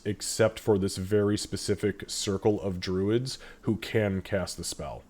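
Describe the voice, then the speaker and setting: Low-voiced man running a tabletop game. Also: a little mellow. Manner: measured narration with fillers. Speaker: game master. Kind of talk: narrating a live tabletop game.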